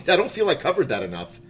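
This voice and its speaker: A man's voice: a little high, huge pitch swings, a little fast, a bit bright, slight background noise. A young adult man from Montreal, live-streaming a game and chatting casually and jokingly with his chat. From Montreal, Canada. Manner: chatty, jokey, reads and answers chat.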